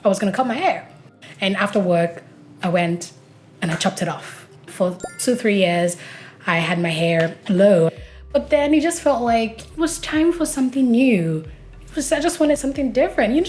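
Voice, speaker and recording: A young woman from Nigeria talking casually to camera in a vlog, telling stories and acting out what people said. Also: medium pitch. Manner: chatty storytelling that acts out quoted dialogue. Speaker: vlogger.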